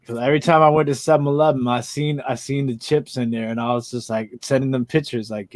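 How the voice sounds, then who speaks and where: A man chatting casually with friends, halting and filling gaps with "like". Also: medium pitch, fairly even intonation, darkish tone, no echo. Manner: loose, halting talker with many "like"s. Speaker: co-host reseller. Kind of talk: casual chat.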